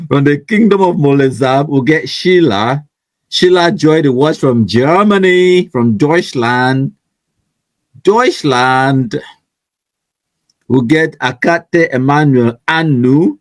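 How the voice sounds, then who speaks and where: A man's voice: on the high side, takes it slowly, no echo. A man with a Cameroonian accent mixing English and Pidgin, hosting a casual live stream and teasing his way through viewers' comments. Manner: chatty and teasing, laughs often, reads viewer comments aloud. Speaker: online news show host.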